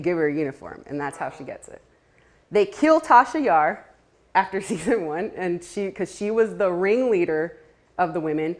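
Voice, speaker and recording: Chatty woman talking to a crowd. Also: medium pitch. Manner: chatty, laughing asides, many fillers. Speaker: community speaker. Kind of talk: casual talk to a live audience.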